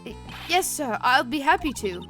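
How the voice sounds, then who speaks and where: A woman's voice: sing-song, normal speed, a bit bright, soft background music. A woman voicing a nervous, eager young man who confesses to being a thief, stammering in a put-on British accent. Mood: anxious. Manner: high, stammering, overexcited. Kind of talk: game dialogue read aloud on a stream.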